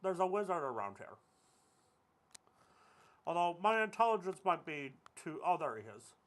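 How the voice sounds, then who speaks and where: A young man with a high voice and big pitch swings talks at a moderate pace, the sound a bit bright. He's a gaming video creator giving casual commentary over his gameplay, joking, rambling, and swearing at the game.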